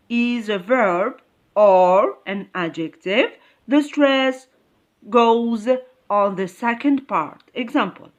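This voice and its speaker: A woman teaching an English grammar lesson, explaining slowly and repeating key points with emphasis. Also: on the high side, highs cut off. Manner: slow, repetitive, emphatic explaining.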